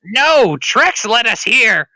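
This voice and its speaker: A man voicing a small hostile kobold that shouts and screeches in a high voice. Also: sing-song, takes it slowly, no echo, heavily acted. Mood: shrill. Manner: shrill, shouting, defiant. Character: screaming panicky kobold pair, small and hostile.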